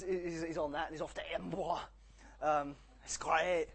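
A man's voice: fairly high pitch, steady tone, moderate pace, vocal fry, slightly rough. A middle-aged man giving a sermon, conversational, with many restarts and jokes. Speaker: preacher.

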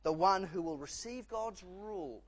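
A man preaching a sermon, emphatic, dropping low and rising again for effect. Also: unhurried, rough recording.

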